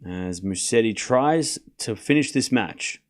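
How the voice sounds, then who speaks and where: A man's voice: on the low side, expressive, slow pace. A young man hosting a live tennis watchalong, chatting casually with his stream chat and calling the score in a rambling way. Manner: chatty, rambling, with fillers and restarts.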